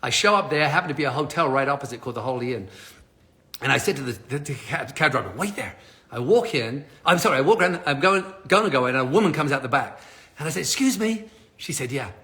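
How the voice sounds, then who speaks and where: A man's voice: medium pitch, expressive, quick pace, pushed and bright. A middle-aged man hosting a live stream, telling a personal story to his viewers and acting out the dialogue. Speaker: live stream host, speaker on change.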